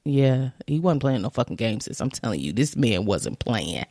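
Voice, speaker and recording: A woman's voice: rumbling low, normal speed, no echo, clean studio sound. A woman co-hosting a podcast, retelling gossip in a casual, slangy way and quoting people as she goes. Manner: animated storytelling, quoting others, slangy. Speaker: podcast co-host.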